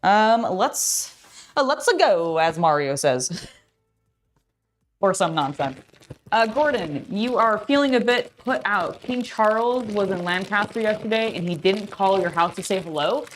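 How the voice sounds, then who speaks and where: A tired young woman chatting casually on a live stream while building, scattered and excitable. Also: mid-range voice, unhurried, slight background noise. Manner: scattered, excitable, self-talking. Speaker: streamer building a LEGO set.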